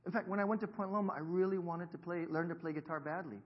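A man in his fifties preaches in a church, joking and talking easily with his congregation. His voice sits a little high for a man. The recording sounds dull and lo-fi. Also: steady tone, fast talker. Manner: jokey, self-deprecating, chatty with the congregation. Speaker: pastor. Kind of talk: sermon. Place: church sanctuary.

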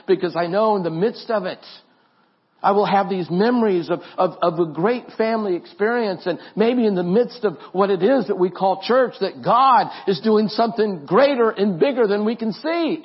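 A man's voice: high voice, animated, normal speed, husky, dull audio. A man preaching as a pastor, earnest and repetitive, in a church. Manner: earnest preaching with repeated phrases and restarts. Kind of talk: sermon.

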